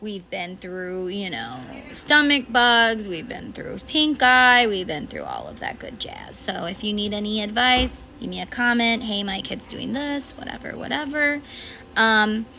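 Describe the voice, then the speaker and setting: A chatty woman in her thirties rambles through parenting advice, full of fillers and restarts. Her voice sits at an ordinary middle pitch. A steady noise hangs behind the recording. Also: a little slow, gravelly, rough recording. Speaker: mom vlogger. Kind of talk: casual chat to camera. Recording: noticeable background noise.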